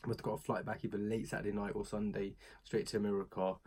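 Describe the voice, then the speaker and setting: A man's voice: on the low side, flat delivery, fast talker, a little mellow, a little hiss or hum. A young British man casually recapping a wrestling show, rambling and chatty, with many fillers and asides. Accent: British English.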